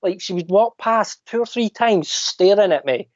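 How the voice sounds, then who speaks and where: A man with a Scottish accent, a podcast guest telling animated anecdotes in casual chat. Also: high voice, moderate pace, no room sound. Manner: animated anecdotes, mimics other people's voices. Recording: dull lo-fi dry sound.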